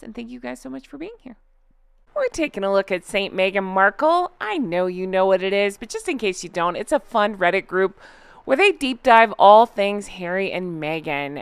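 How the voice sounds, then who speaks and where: Chatty amused woman doing a reaction vlog, smooth voice, no room echo at all. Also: medium pitch, a bit bright. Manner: chatty, amused, frequently laughing; reads out online posts aloud. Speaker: commentary channel host. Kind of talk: casual reaction commentary.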